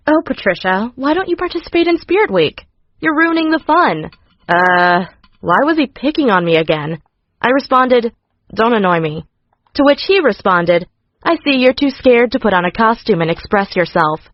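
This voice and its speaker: A woman's voice: mid-range voice, no room sound. Sassy woman narrating, dry lo-fi sound. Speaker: storytime narrator. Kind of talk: scripted first-person narration.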